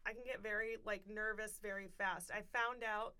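A woman's voice: medium pitch, fairly even intonation, normal speed, bright, forceful tone, clean tone. A woman from North Carolina, co-hosting a podcast, chatting in a bubbly, joking way. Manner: bubbly, joking, laughs often. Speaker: co-host and actress. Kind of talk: casual chat.

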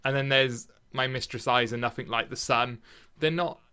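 A man's voice: mid-range voice, fairly even intonation, normal speed, sharp tone, clean tone. A man in a casual literary discussion, thinking aloud with frequent restarts and hesitations. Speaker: podcast co-host discussing poetry.

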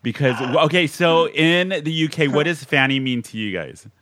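A man in casual chat, agreeable and quick to laugh. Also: fairly high pitch, a bit bright, dry recording.

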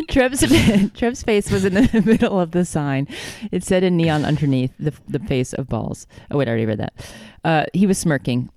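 A woman's voice: lowish voice, very animated, a little slow, dark tone, dry recording. A woman co-writer reading her own story draft aloud in the first person and chatting between passages, often laughing. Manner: giggly, reads in first person. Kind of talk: reading aloud and casual chat. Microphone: video call.

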